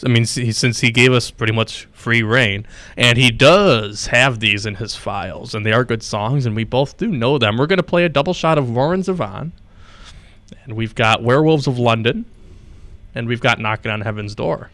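A radio host from Western New York with that regional accent, bantering casually and laughing often. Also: male voice, mid-range voice, moderate pace, fairly bright tone, no room sound.

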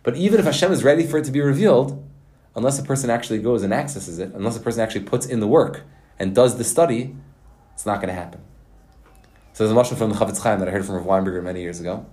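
A man who teaches at a yeshiva, giving a Torah lesson in a folksy, animated storytelling manner, with Hebrew and Yiddish terms mixed in. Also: on the low side, racing. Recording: roomy echo.

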